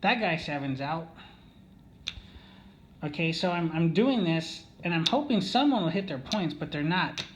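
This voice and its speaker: A man's voice: on the high side, lively intonation, a little slow, long pauses, slight background noise. Rambling man telling a casino story. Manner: rambling, many fillers and restarts, asks "okay?" often. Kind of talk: casual storytelling monologue.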